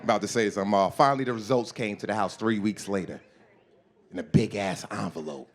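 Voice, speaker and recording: A man in his forties performing a stand-up comedy set. He is profane and animated, acts out voices and shouts his punchlines. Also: on the low side, quick pace, a faint crowd. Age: 40s. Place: comedy club stage.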